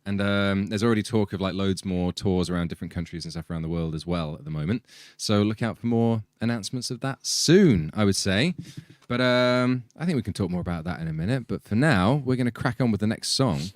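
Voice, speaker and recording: In clean studio sound with no echo, a young man with a fairly low voice talks a little fast with few pauses. He's a band member hosting a livestream with his bandmates, chatty and laughing often, and he mentions being sleepy.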